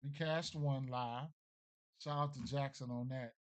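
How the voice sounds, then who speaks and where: A man's voice: mid-range voice, fairly even intonation, unhurried. A man streaming sports betting picks, thinking aloud in a casual, mumbling way with many fillers and restarts. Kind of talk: casual live-stream commentary.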